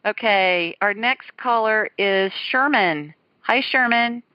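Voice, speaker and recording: A woman hosting a call-in radio show, brisk and reassuring with callers, quick to laugh. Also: mid-range voice, no room sound, lo-fi sound. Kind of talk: casual call-in radio chat.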